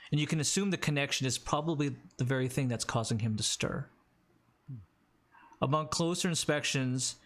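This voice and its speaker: A man's voice: mid-range voice, a bit bright. A man narrating a tabletop role-playing game as game master, describing scenes with small hesitations.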